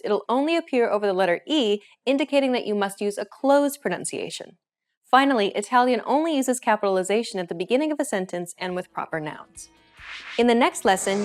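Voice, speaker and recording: A woman hosting a language course, explaining points in clear, friendly scripted narration. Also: on the high side.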